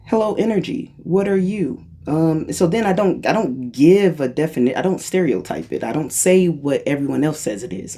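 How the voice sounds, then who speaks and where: Spiritual channeler for a loose freestyle talk: rambling, self-correcting, joking at their own expense, mid-range voice. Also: mellow. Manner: playful and self-mocking, jumps into high-pitched voices for quotes; rambling, restarts and corrects itself.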